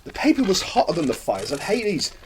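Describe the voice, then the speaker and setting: A man reading his own horror-comedy story aloud in an expressive, wry manner. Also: high-pitched, a little fast, a little hiss or hum.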